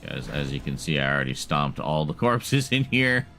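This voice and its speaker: A man's voice: very deep voice, big pitch swings, moderate pace, sharp tone, faint music behind. A man giving casual, chatty live commentary as he streams a horror game, wry and laughing at himself, with light swearing. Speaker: gaming streamer.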